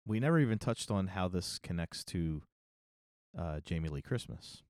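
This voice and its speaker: A man's voice: low-pitched, lively intonation, moderate pace, darkish tone, no room sound, clean studio sound. A man with a Philadelphia-area accent, co-hosting a movie podcast in a laid-back, casual way. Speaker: podcast co-host. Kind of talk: casual chat.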